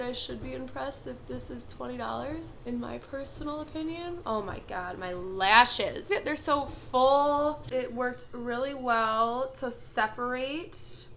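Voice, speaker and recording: A young woman with a bright, somewhat high voice talks straight to her camera at home. She gushes and exclaims as she tries makeup in a casual first-impressions review. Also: slight background noise. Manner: gushing, excitable, exclamatory. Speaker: beauty vlogger.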